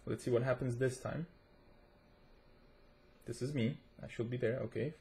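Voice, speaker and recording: A gaming tech reviewer with a steady, darkish, mid-range voice talks at a moderate pace while trying out a game. He keeps up loose, rambling chatter for his audience and says himself that he has a non-native accent.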